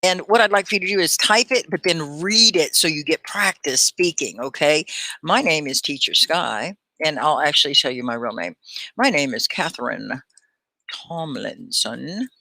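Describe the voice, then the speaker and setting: A woman's voice: deep voice, lively intonation, sharp tone, no echo. A woman from Texas with a Texan accent, teaching a live online English lesson in an encouraging, instructive way. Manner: encouraging, instructive, slow for learners. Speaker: ESL teacher.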